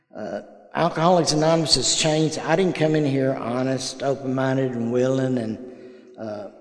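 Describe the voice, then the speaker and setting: An older man, telling folksy personal stories at a recovery meeting and acting out the dialogue. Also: mid-range voice. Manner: folksy storyteller, acts out quoted dialogue. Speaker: AA meeting speaker. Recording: echoey hall.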